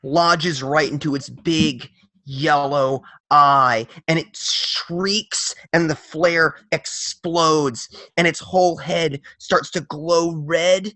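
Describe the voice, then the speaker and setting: Male game master, unhurried, vivid narration, dry close mic. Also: on the high side, steady tone, bright, forceful tone, no room sound. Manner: slow, vivid descriptive narration.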